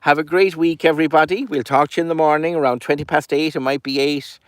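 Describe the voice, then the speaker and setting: A man with an Irish accent telling a folk tale as a storyteller, lively and animated, dropping his voice at times. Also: fairly high pitch, fast talker, no room sound, studio quality.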